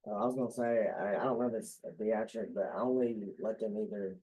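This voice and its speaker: A sales rep sharing tips in a group discussion, casual, with halting starts and loose slang. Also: male voice, lowish voice, fairly even intonation, warm tone, rough recording.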